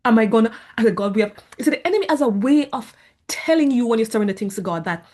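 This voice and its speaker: A woman, sharing a faith story in casual, animated speech and acting out her own prayers. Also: a little high, very fast. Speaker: faith vlogger sharing a testimony. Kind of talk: casual spoken testimony.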